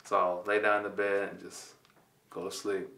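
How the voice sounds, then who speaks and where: Speaking at normal speed in a lowish, level voice that sounds pushed and bright, a twentysomething man from Compton, California recounts a personal story. He keeps it relaxed and slangy, performing the dialogue himself, and the distant mic picks up a roomy sound.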